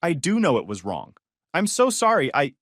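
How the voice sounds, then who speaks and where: A man's voice: mid-range voice, animated, normal speed, a bit bright, dry recording, studio quality, lightly acted. A man voicing a young woman who sobs and pleads with her fiancé not to leave her. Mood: pleading. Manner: pleading, sobbing.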